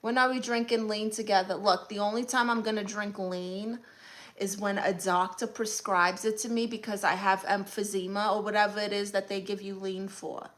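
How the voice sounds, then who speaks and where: A woman's voice: medium pitch, flat delivery, moderate pace, a bit bright. A woman with a Brooklyn accent, hosting a live stream and answering chat comments one by one with sassy, blunt comebacks. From Brooklyn, New York.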